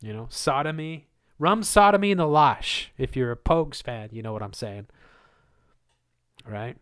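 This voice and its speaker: A man's voice: mid-range voice, expressive, moderate pace, a bit bright, smooth. Male livestream host, mid-range voice, casual conspiratorial rambler who laughs a lot. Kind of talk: live Q&A monologue.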